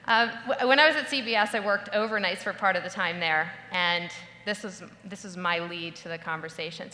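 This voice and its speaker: A woman giving a lively talk to a live audience, playful and instructive, acting out the voices she quotes. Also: fairly low pitch, brisk, few pauses, a little hiss or hum. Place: large hall before a live audience. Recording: echoey hall with long reverb, faint ambience.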